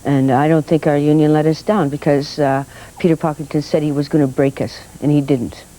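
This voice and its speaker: Low, dark-voiced woman, firm and argumentative. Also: fairly even intonation, brisk, rough recording. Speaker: interview guest, union member. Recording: 1980s TV broadcast off tape.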